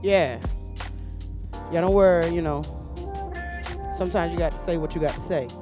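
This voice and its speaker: A woman's voice: fairly low pitch, moderate pace, dark tone. Woman, event host, casual banter, music in the background. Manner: casual, chatty, hyping the crowd. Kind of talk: emcee banter at a poetry slam. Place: live poetry event. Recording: music playing behind.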